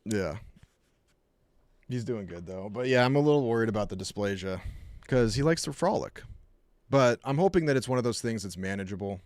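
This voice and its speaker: A man with a fairly low voice chats casually on his live stream, telling rambling, jokey stories. He keeps slipping into quick put-on voices for the people in them. The sound is dry and close to the mic. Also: animated, a little mellow, no room sound.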